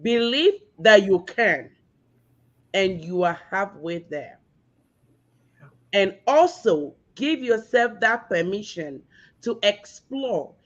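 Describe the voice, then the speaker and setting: A woman giving a slow, encouraging motivational message that repeats its key words, over lo-fi call audio. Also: medium pitch, expressive. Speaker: guest speaker. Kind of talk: motivational talk.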